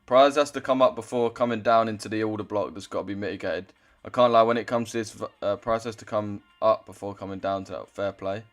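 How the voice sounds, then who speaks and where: A man's voice: lowish voice, steady tone, fast talker. A young man chatting casually on a trading livestream, loose and chatty, swearing now and then as he reads out chat.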